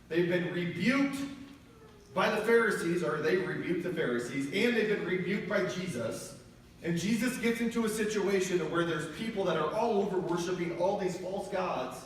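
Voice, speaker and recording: A male guest preacher delivering a storytelling sermon in a church, building to loud emphatic peaks. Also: on the high side, a little hiss or hum. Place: church sanctuary. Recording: echoey church hall from far off.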